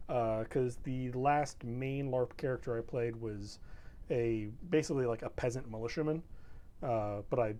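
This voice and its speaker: A man's voice: mid-range voice, normal speed, dark tone. A young man in a casual, rambling stream chat, self-deprecating and laid-back, plugging the show between stories. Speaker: show regular.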